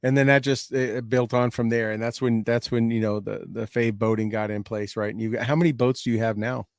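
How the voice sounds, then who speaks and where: A man's voice: medium pitch, steady tone, fairly quick, dry recording, studio quality. A man hosting a podcast interview, encouraging and prone to repeating words as he asks questions. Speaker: podcast host. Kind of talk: casual interview chat.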